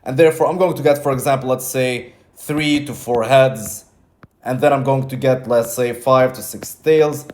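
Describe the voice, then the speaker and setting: A trading mentor with a mid-range voice teaches in a casual monologue at a moderate pace, with slight background noise. He is blunt and repetitive, swears now and then, and acts out his own inner voice in quotes.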